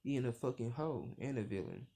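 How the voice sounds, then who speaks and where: A man's voice: mid-range voice, sing-song, gravelly, warm tone. Man doing a brash foul-mouthed hero boy. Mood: defiant. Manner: rapid crude trash talk.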